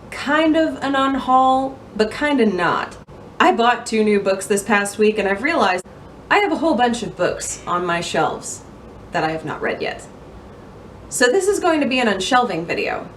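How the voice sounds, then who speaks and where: A young woman book vlogger chatting to camera at home among her bookshelves, self-mocking and quick to laugh. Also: medium pitch, a little hiss or hum. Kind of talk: casual chat to camera. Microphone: camera mic.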